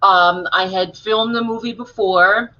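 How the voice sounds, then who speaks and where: A woman co-hosts a live stream in a bright, clear voice, chatty and full of stories. She reads viewer comments out loud. The audio is a little dull and lo-fi. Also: mid-range voice, steady tone, unhurried. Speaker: co-host of a live online talk show. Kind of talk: casual live-stream chat.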